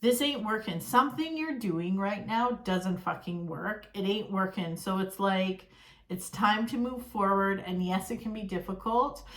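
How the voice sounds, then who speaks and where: A woman's voice: medium pitch, unhurried, a bit bright. Blunt, swearing woman in an echoey room. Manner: blunt, exasperated, swears freely. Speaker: tarot reader. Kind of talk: casual tarot reading to camera.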